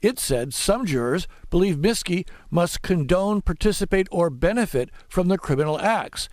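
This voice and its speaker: A male news reporter delivering a measured, scripted report from court. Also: sits high, expressive, darkish tone, no room sound, studio quality.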